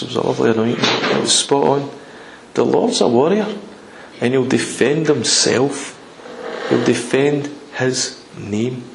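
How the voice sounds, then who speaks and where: A man's voice: mid-range voice, creaky. A man preaching a sermon, acting out prayers in an urgent, impassioned voice. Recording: echoey church hall with faint noise.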